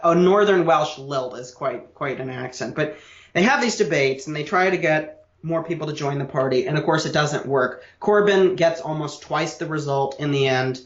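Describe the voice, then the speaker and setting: A man walks through political history for a podcast, lecturing in a detailed, casual way and often restarting his sentences. His voice sits a touch high. The recording is echoey and a little muffled. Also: moderate pace. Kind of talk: casual explanatory podcast chat.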